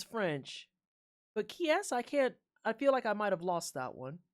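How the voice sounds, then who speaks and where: A woman streamer reacting to game trailers live, rambling and swearing with animated asides to chat. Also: medium pitch, measured pace.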